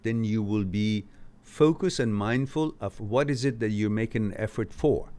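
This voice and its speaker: A man's voice: on the low side, darkish tone. A man hosting a live stream, reading out viewers' chat comments and answering them in a loose, chatty way, laughing now and then. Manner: reads out chat comments and replies, laughs easily. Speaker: livestream host answering viewer questions.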